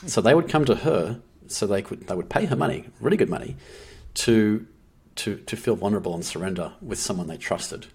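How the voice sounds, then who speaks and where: A man speaking as a guest on a podcast, earnest and reflective, often restarting his sentences. His voice is very low and husky, with a soft rasp. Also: lively intonation, a little fast. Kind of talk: casual podcast conversation.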